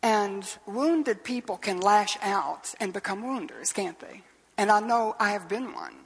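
A woman's voice: medium pitch, animated, measured pace, slightly rough. An older woman, a Bible teacher preaching a sermon in an earnest storytelling way, often asking rhetorical questions. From Southeastern US. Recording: long hall reverb.

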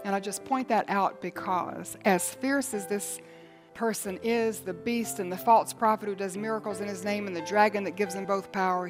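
A woman Bible teacher in a recorded teaching, earnest and urgent, building in intensity as she exhorts her listeners. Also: medium pitch.

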